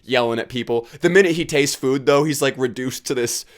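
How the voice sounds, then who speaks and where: A man's voice: medium pitch, fairly quick. A man hosting a casual solo podcast, tired and rambling, cracking self-mocking jokes and laughing at them. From United States. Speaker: podcast host.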